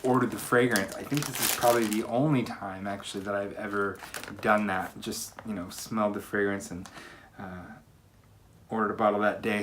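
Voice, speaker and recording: A man's voice: fairly low pitch, a little hiss or hum. Chatty man unboxing on camera at home. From United States. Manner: chatty, upbeat, many fillers. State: slightly out of breath. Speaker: fragrance reviewer. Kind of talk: casual unboxing vlog. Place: quiet room at home.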